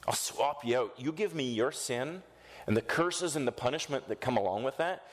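A man preaching a sermon, telling the story in a lively way and acting out the quotes. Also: medium pitch, normal speed. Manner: animated storytelling with voiced quotes. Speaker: pastor. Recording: echoey hall reverb.

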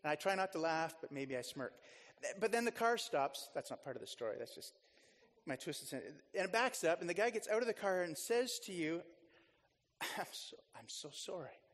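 A male pastor with a notably high voice delivers a relaxed, storytelling sermon full of asides and self-corrections. His words carry a long reverb, as if spoken in a large church sanctuary. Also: a little fast. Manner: chatty and storytelling, with frequent restarts and asides. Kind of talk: conversational sermon.

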